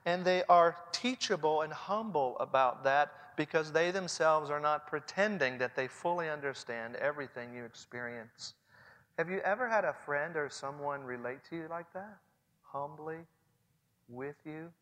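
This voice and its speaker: Earnest forties guy preaching, bright sharp voice, long hall echo. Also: fairly high pitch, normal speed. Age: 40s. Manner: earnest, swings from soft to loud. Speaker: pastor. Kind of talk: sermon.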